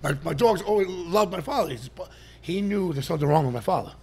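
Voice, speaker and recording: A middle-aged man, a podcast guest telling stories in a loud, animated way and swearing freely. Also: on the high side, fast talker. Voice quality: gravelly, animated, swears a lot and shouts during stories. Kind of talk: casual storytelling.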